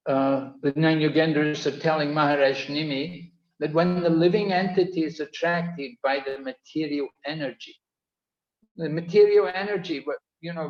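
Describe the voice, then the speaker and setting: A man with a slightly high voice gives an earnest, explanatory lecture, pausing to repeat key phrases for his students. The sound is roomy and echoey, with a dull, muffled tone like an online call. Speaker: teacher. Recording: echoey, dull-toned video call audio.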